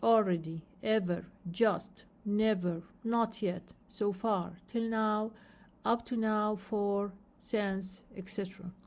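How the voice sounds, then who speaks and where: A woman teaches English grammar at a very slow, deliberate pace. Her voice is mellow and soft-edged, and she repeats each rule and spells out word endings letter by letter. Her phrasing is sometimes non-native. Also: medium pitch, fairly even intonation. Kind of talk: slow explanation of grammar rules.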